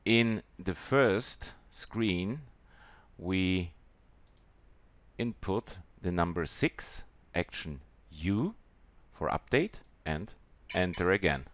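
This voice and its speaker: A man with a German accent walking through a software tutorial in a halting way, with many pauses and fillers. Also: deep voice, animated, no room sound. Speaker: software demonstrator.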